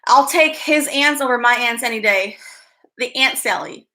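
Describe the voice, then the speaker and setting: A woman's voice: a little high, moderate pace, pushed and bright. A woman hosting a casual live stream, chatting with her viewers, giggly and easily distracted. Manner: giggly, easily distracted, greets chat by name.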